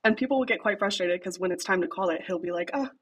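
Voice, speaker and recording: A woman's voice: lowish voice, fast talker, husky, low-quality recording. A young woman guest on a podcast, chatting casually and animatedly about her writing, laughing often and acting out lines. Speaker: podcast guest, fanfic writer.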